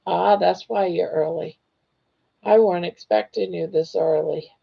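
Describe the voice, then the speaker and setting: Hoarse, gravelly older woman. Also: fairly low pitch, steady tone, a little slow. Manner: gentle, reassuring. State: hoarse, losing her voice. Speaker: livestream host. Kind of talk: casual chat reading viewer comments. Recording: dull lo-fi livestream audio.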